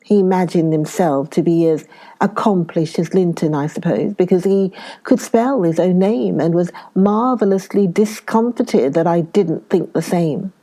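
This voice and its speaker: A woman reads a classic novel aloud as first-person storytelling. Her delivery is slow and deliberate, with expressive turns, and her voice is low-pitched and dark-toned with a mellow warmth. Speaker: audiobook reader. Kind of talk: dramatic reading of a classic novel.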